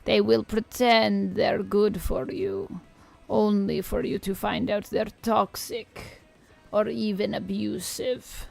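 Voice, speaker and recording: A woman voicing a crackly old Eastern European witch, reading tarot slowly and solemnly. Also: medium pitch, fairly even intonation, a little mellow, soft background music. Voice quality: crackly, gravelly. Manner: slow, solemn fortune-telling.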